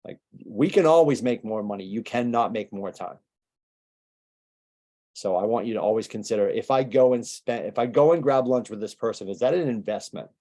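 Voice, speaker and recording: A man's voice: fairly low pitch, mellow. A man coaching a room of agents in a motivational training talk, talking casually and firing off rhetorical questions. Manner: conversational, rapid-fire rhetorical questions. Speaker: business coach.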